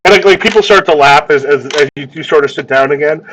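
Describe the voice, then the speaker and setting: Male game master, fairly high voice, stop-start narration with lots of repeated words. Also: a bit bright, a little hiss or hum, low-quality recording. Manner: halting, repeats words while describing.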